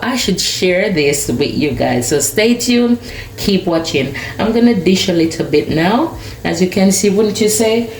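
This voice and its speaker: A woman's voice: on the low side, a little mellow. A woman chatting to viewers while she cooks in her home kitchen, tasting and savoring the food. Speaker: cooking vlogger. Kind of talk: casual cooking vlog talk to viewers. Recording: echoey kitchen with cooking noise. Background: pot boiling.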